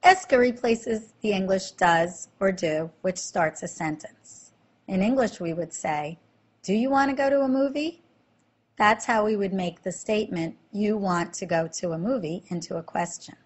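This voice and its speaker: A woman teaching a slide-based language lesson, explaining slowly and clearly and quizzing the listener with questions. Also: on the low side. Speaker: French teacher.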